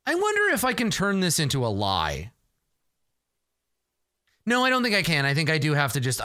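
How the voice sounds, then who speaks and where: Animated guy thinking out loud during a solo tabletop game, bright voice, dry sound. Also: mid-range voice, no room sound. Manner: animated, self-deprecating, thinks aloud.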